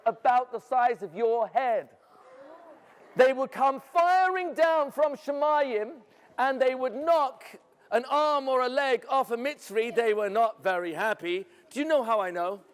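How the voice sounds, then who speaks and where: A man's voice: very high-pitched, unhurried. A man telling a dramatic first-person story to students, theatrical and asking his audience questions. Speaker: educator. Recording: echoey hall.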